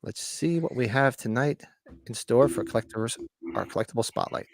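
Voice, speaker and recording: A middle-aged man co-hosting a podcast in casual chat, animated and quick to laugh, restarting sentences and drifting onto tangents. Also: mid-range voice, gravelly. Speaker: podcast co-host.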